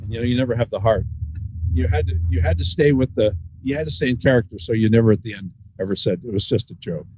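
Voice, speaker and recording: A man, an author guest, telling wry anecdotes with dry humor in a relaxed storytelling style. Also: medium pitch, quick pace, slight background noise, low-quality recording.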